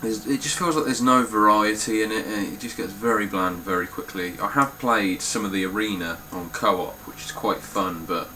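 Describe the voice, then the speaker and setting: A man's voice: fairly low pitch, normal speed, hardly any pauses, bright, forceful tone, slight background noise, poor audio. A young man talking casually through his game collection, blunt and swearing freely. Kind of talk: casual spoken collection walkthrough.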